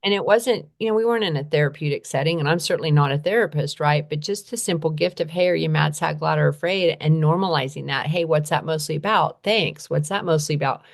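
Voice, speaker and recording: Low-voiced woman telling a story earnestly. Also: fast, vocal fry, hardly any pauses. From United States. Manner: earnest, repeats phrases, frequent "right?". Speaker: guest advocate on trauma and poverty. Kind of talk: conversational storytelling.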